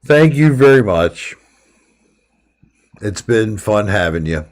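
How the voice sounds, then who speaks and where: Male stream host, unhurried low-voiced casual rambler. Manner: rambling, relaxed, chatting to viewers. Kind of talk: casual live chat.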